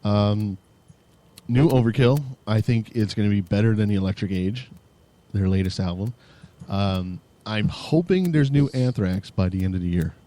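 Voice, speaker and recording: A fairly low, mellow voice at normal speed belongs to a tired man co-hosting a casual podcast. He's silly in the banter, imitating radio DJs and metalheads, cursing freely and laughing often.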